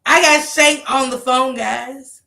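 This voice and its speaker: A woman streamer telling a story to her viewers in a casual, animated way, swearing freely and laughing often. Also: high voice, slow pace, gravelly. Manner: animated, profane, laughs often, acts out others' lines. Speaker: livestream host telling a story.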